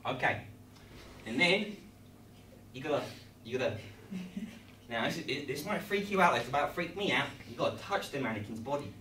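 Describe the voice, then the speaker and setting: In a live improv scene at a small comedy venue, an Englishman plays a bumbling host of a kids' craft show, chirpily rambling with mock instruction and false reassurance. His medium-pitched voice is animated, pushed and bright, at normal speed with long pauses. Recorded on a roomy distant mic with slight background noise and audience laughter.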